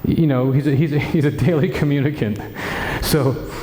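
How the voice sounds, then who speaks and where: A man, a friar, giving a retreat talk and retelling a scripture story with lively acted-out dialogue and many restarts. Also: on the high side, normal speed, slight background noise. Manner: animated storytelling, acting out dialogue, frequent restarts. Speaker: friar preacher. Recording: echoey hall with long reverb.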